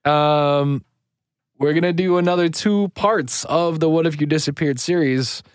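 A man from the United States co-hosting a podcast in casual chat, jokey, quick to laugh and swearing freely. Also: a little high, smooth, no room sound, clean studio sound. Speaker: podcast co-host.

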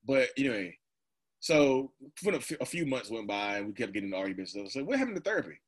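Interview guest: husky-voiced man, thirties, loose rambling delivery, laughs easily. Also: fairly low pitch, quick pace. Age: 30s. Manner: casual, rambling, laughs often, quotes himself in asides. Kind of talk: candid personal conversation.

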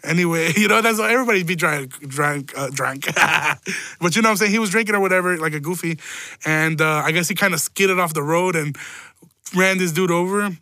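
A man's voice: a little high, fairly quick, pushed and bright, no room sound. A young man, hosting a casual solo rant, rambling and swearing, often breaking into laughter. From Chicago. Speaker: podcast host.

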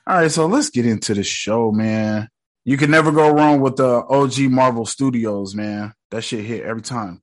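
A man's voice: mid-range voice, normal speed. A man casually recapping a TV episode in slangy, joking talk, mockingly quoting the characters. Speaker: show recap host.

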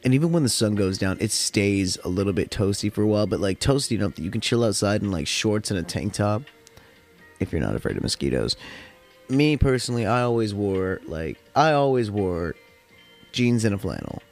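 A man's voice: lowish voice, sing-song, brisk, darkish tone, faint music behind. Laid-back, tired man rambling through stories. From California desert. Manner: rambling, profane, heavy use of "like". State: tired after work. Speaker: podcast host. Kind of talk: casual storytelling chat.

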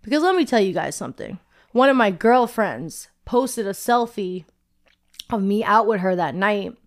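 A woman's voice: medium pitch, lively intonation, moderate pace. A young woman vlogger telling a personal story in a candid, chatty way, often saying "like".

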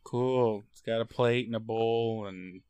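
Deadpan man podcast co-host. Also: mid-range voice, measured pace, smooth, no room sound. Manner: dry, deadpan joking. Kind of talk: casual chat.

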